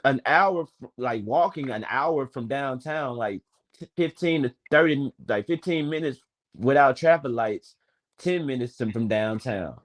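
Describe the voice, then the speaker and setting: Speaking at a measured pace with a mid-range voice and lively intonation, a Southern-accented man in his twenties from Memphis chats casually on stream. He leans on profane slang and tells long, rambling stories.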